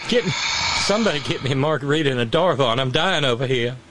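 A man hosting a casual chat show, animated and jokey, slipping into mocking quote voices. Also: mid-range voice, noisy background. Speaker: podcast host.

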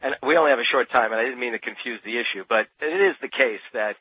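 Speaking quickly in a husky, medium-pitched voice, this Thomas Paine expert from New Jersey is a guest on a radio interview. He argues with passion and emphasis, repeating words as his point builds. The recording has a dull, dry lo-fi radio quality.

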